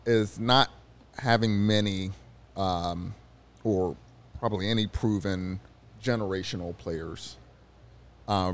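Low-ish guy guest on a sports pod, telling stories, lots of ums. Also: a little hiss or hum. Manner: storytelling, animated, with restarts and fillers. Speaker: newspaper sports reporter, in-studio guest. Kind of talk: casual sports podcast chat. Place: studio.

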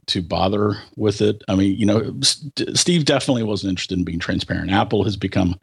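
A man's voice: low voice, gravelly, breathy edge. A man giving commentary in a casual conversation, hesitating and restarting often before he makes his point. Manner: hesitant, many restarts, then emphatic. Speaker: tech commentator.

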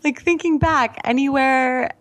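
A woman guest in a candid, casual conversation, frank and quick-witted with laughing asides. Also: high-pitched, a bit bright. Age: adult.

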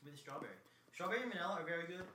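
A man's voice: sits high, lively intonation, rapid-fire, pushed and bright. A man co-hosting a podcast in casual chat, wry and blunt in his banter. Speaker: podcast co-host. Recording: echoey room with faint noise.

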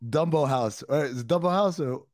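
A man's voice: fairly high pitch, a little fast, a little mellow, no room sound, clean studio sound. A man co-hosting a podcast, telling stories in loose, laughing banter full of profanity. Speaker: podcast co-host. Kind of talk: casual chat.

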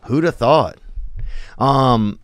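A man hosting a podcast in a relaxed way, agreeing easily and laughing along with his guest. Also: medium pitch, dry recording, studio quality. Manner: laid-back, agreeable, quick to laugh. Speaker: podcast host. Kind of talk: casual chat.

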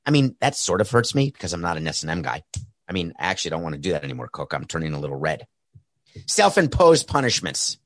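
A man's voice: low voice, big pitch swings, quick pace, no room sound. A man hosting a solo sports talk show, rambling and sarcastic with jokey asides, speaking into a headset mic. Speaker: sports podcast host. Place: home studio set with camera and soundboard. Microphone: headset mic with earpiece.

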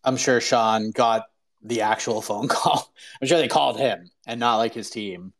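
A man's voice: mid-range voice, a little slow. Casual male fight-show host. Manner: relaxed, rambling, laughs while talking. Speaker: podcast host. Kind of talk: casual chat about fight betting.

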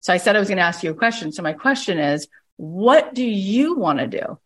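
A middle-aged woman coaching a caller, telling a story with emphatic, lively delivery and frequent "like". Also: medium pitch, brisk. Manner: animated storyteller, emphatic, uses "like" often. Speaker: host, coach.

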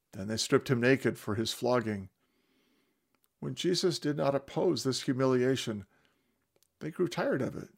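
A man's voice: mid-range voice, gravelly. A man giving a dramatic first-person retelling of scripture, with varied emphasis. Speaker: storyteller.

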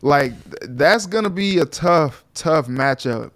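A man's voice: on the high side, unhurried, dry recording. Laid-back male sports talk co-host. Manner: relaxed and conversational, frequent "you know" fillers.

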